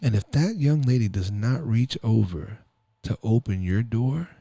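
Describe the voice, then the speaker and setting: A man's voice: on the low side, unhurried, dark tone, breathy edge, no echo. A man voicing a tough street gangster who lectures a teenage boy in a stern, profane way.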